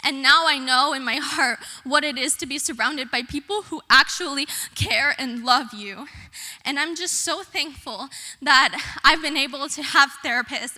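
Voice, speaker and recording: A young woman student telling a personal story on stage, tearful and nervous, talking quickly and chattily. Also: sits high, pushed and bright, long reverb tail. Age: young adult. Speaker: student speaker. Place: concert hall stage.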